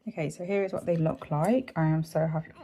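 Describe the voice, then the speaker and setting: A woman's voice: deep voice, fast, mellow, slight background noise. A woman chatting casually as she talks through a nail art tutorial, rambling and correcting herself as she goes. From United Kingdom. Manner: chatty, self-interrupting, apologetic. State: hiccuping.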